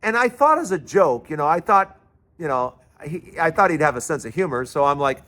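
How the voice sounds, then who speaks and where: A man hosting his own show, telling a chatty, animated story in a casual monologue. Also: on the high side, a little fast. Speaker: commentator and show host.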